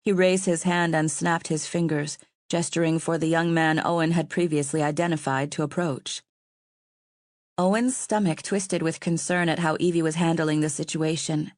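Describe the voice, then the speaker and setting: A woman reading an audiobook aloud in a steady, even way. Her voice sits on the low side, and the recording is dry and close. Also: moderate pace, dry recording. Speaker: audiobook narrator. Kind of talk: scripted audiobook narration.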